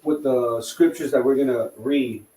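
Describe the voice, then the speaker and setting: A man's voice: medium pitch, fairly even intonation, moderate pace, warm tone, reverberant, rough recording. Man lecturing, with a rhetorical "right?". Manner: rambling, many fillers and rhetorical "right?". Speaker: language class teacher. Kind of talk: unscripted classroom lecture.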